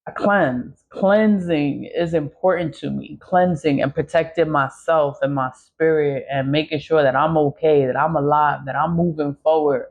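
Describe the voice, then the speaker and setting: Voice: medium pitch, fairly even intonation, moderate pace, gravelly, hardly any pauses, darkish tone, dull audio. Blunt, profane vlogger venting. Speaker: content creator. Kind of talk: casual vlog monologue.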